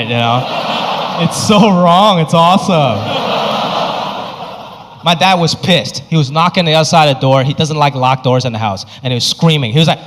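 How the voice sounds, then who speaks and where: Man doing stand-up, punchy storytelling, fairly high voice, long reverb, noisy live room. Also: animated, brisk, fairly bright tone. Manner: punchy anecdotal delivery, acts out characters. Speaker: stand-up comedian. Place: comedy stage. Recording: reverberant venue with background noise.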